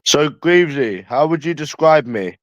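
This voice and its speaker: A man's voice: on the high side, animated, moderate pace, dry recording, rough recording. A young man with a London accent chatting casually with viewers, teasing them by asking the same questions over and over.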